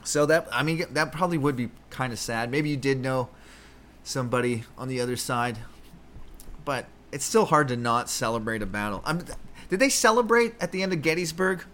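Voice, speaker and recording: A Canadian man hosts a comedy podcast, riffing casually on the Bible with plenty of swearing, rambling, and restarts as he keeps interrupting himself. His voice sits at medium pitch with a lively, slightly bright intonation at a moderate pace. A little hiss or hum runs under the recording.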